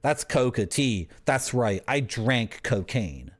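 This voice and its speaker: A man's voice: mid-range voice, expressive, slow pace. A young man, live-streaming and bantering with his chat in a joking, teasing, rambling way. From Canada.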